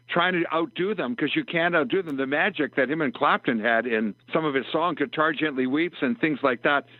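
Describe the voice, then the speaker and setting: A man's voice: fairly high pitch, no echo. Older man telling stories over a phone line. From Canada. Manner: rambling anecdotal storyteller, acts out dialogue. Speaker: guest musician. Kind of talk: storytelling interview over the phone. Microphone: telephone. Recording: tinny phone line, dry.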